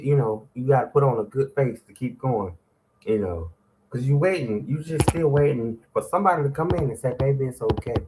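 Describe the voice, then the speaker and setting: A middle-aged man hosts a motivational morning show, speaking. He talks in a preachy, call-and-response way at a middle pitch. Faint ambient noise sits behind his voice. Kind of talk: motivational radio talk.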